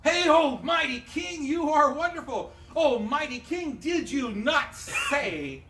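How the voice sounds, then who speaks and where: Man putting on fawning male courtiers, flattering and tattling, high voice, echoey room. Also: measured pace, full character voice. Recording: echoey room, mic at a distance.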